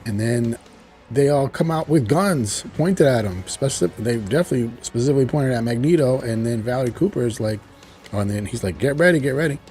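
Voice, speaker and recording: A man's voice: medium pitch, fairly quick, mellow, faint music behind. Laid-back man recapping a TV episode. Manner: laid-back, chuckling, loosely paraphrasing dialogue. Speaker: TV show reviewer.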